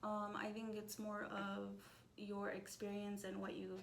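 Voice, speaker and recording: A woman's voice: mid-range voice, monotone, measured pace, vocal fry. A woman in her twenties, a podcast guest talking earnestly and a bit rambling, laughing often. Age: 20s. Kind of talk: casual conversation. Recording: echoey room with faint background noise.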